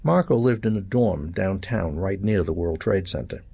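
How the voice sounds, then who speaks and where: Deep husky older male storyteller. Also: normal speed, dark tone, no echo, dull audio. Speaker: narrator. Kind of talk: reading a first-person short story aloud.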